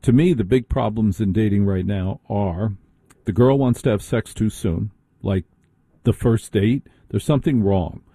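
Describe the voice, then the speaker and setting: A man's voice: on the low side, unhurried, dark tone, husky, no echo, clean studio sound. A male talk radio host giving opinionated, conversational advice to listeners.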